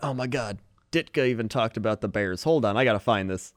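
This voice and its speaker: A man's voice: on the low side, fairly quick, no room sound, clean studio sound. A man co-hosting a casual chat, laughing often and slipping into mock voices. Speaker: podcast co-host.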